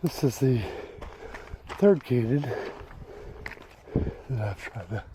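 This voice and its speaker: An older man, a hiking vlogger, casually narrates his own hike along a rocky desert trail through a handheld or body camera mic as he walks. His mid-range voice is dark-toned and expressive, and he's out of breath, speaking slowly and unhurriedly with many pauses and fillers while joking about himself. There's slight background noise.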